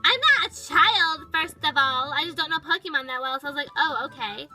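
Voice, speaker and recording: A woman voicing a bratty, high-pitched girl pet. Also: fast, sharp tone, soft background music, low-quality recording. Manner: valley-girl chatter, full of "like". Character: bratty, dramatic young female toy pet. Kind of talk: toy-figure storytime narration.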